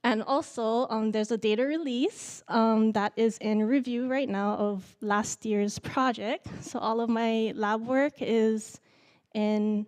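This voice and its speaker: A young woman from Hawaii, giving a nervous, halting student presentation full of fillers. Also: fairly high pitch, steady tone, a little mellow, clean tone. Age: young adult. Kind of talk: symposium presentation.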